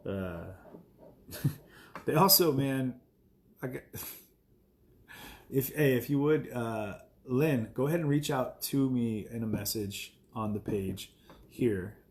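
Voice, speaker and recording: A man's voice: medium pitch, takes it slowly, long pauses, darkish tone. Man rambling on a live stream. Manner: rambling, many fillers, chuckling asides. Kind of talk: casual live-stream chat.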